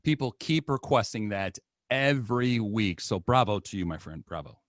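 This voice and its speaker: Give me an enthusiastic American man hosting a casual video-call interview, with a pitch that swings up and down a lot and a dry, close sound. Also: lively intonation, normal speed, dry recording. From United States. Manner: upbeat, playful, enthusiastic. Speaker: host.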